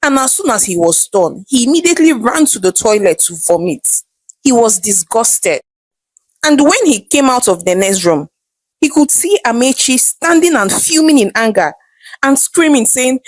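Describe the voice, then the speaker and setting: A woman's voice: fairly high pitch, animated, normal speed, no room sound. Woman telling a folktale. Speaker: storyteller. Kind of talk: scripted folktale narration.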